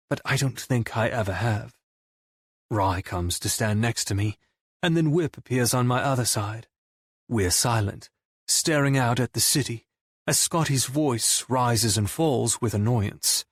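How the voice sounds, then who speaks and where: A man narrating a romance audiobook in the first person with a brooding, low-key delivery. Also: a little slow, no room sound, studio quality.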